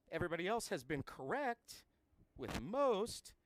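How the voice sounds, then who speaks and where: A man's voice: a little high, sing-song, normal speed. A man hosting a live-streamed trivia game, chatty and wisecracking, with a self-mocking streak. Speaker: trivia host.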